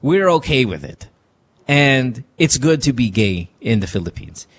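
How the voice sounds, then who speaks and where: In a radio studio, a man hosts a late-night call-in show, talking loosely with laughter and profanity. His medium-pitched voice swings widely in pitch at a measured pace, with a little hiss or hum audible.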